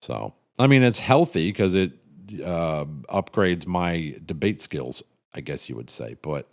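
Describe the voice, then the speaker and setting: Very deep-voiced rambling, profane man. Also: animated, a little slow. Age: middle-aged. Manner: rambling, profane, cynical, frequent restarts. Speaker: livestream host reading chat. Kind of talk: casual livestream chat.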